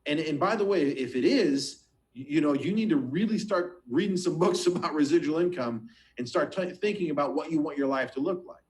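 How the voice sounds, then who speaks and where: A man with a fairly high voice delivers an energetic motivational pitch. He talks straight to his listeners, asks them question after question, and stumbles over repeated words as he pushes ahead. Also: brisk, rough recording. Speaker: financial business recruiter.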